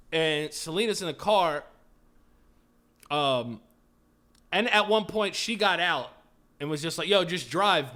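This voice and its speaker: A man co-hosting a podcast, telling a story in casual chat with a lot of swearing, acting out the people in it. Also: fairly high pitch. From Florida. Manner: animated, profane, acts out the people in his story. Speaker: podcast co-host.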